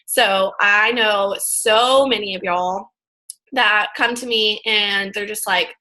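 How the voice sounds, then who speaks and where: A woman's voice: medium pitch, fairly even intonation, slow pace, sharp tone, poor audio. A woman chatting casually to her viewers, full of "like" and "um". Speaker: vlogger.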